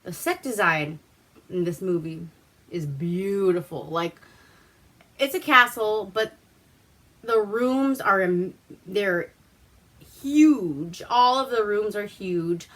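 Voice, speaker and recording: A woman's voice: medium pitch, slow, long pauses, a bit bright. A woman hosting a casual vlog, recapping a movie in a chatty, profane way. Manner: profane, chatty, acts out quotes. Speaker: vlog host reviewing a movie.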